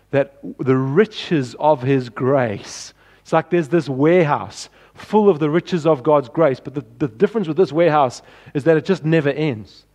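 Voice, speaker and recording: A pastor preaching a sermon, earnest and pleading, often dropping softly at the ends of phrases. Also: male voice, medium pitch.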